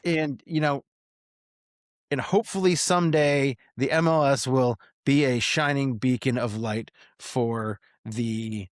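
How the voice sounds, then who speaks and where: A man co-hosts a soccer podcast, chatting casually, joking, and launching into mock-grand rants. His medium-pitched voice is unhurried, and the sound is clean studio audio with no echo.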